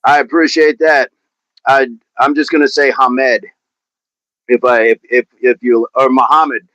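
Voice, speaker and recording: A man's voice: mid-range voice, level tone, measured pace, a bit bright, no echo. A man hosting a daily fitness livestream, chatting casually while stretching and reading viewer comments aloud in a playful way. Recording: dull lo-fi sound, dry.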